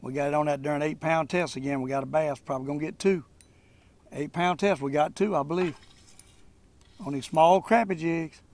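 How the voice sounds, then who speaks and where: Gravelly older fisherman. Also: fairly high pitch, moderate pace. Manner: folksy, excited running commentary. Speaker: fishing channel host. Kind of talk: casual fishing commentary. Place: on a boat on a lake, outdoors.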